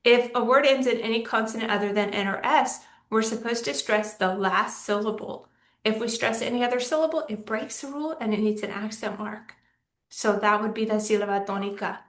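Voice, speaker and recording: A woman's voice: a little high, fairly quick, roomy sound, far from the mic. A woman teacher from Texas giving a recorded lesson, patiently explaining step by step with examples. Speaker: Spanish teacher.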